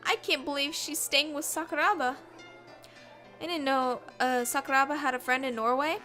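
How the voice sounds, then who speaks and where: A woman's voice: high voice, fairly even intonation, normal speed, pushed and bright, soft background music. A woman streamer reading game narration aloud and making self-mocking, giggly asides. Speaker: let's play streamer.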